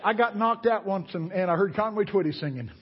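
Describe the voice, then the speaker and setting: A man's voice: sits high, fairly quick, in a large hall, highs cut off. An older man preaching a sermon as a guest speaker, folksy and emphatic, weaving homespun stories into his preaching in a church. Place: church sanctuary.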